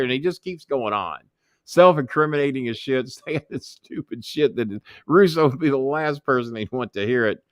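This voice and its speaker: A man's voice: mid-range voice, brisk, dry recording, studio quality. A man as an interview guest, telling stories full of swearing and imitating the people in them. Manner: animated, swearing, mimics others in quotes. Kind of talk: profane anecdotal storytelling.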